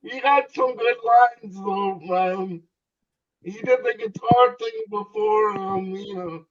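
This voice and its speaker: A man telling a story on a podcast, pausing often with hesitant ums. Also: high-pitched. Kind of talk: casual chat. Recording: muffled, distant lo-fi sound.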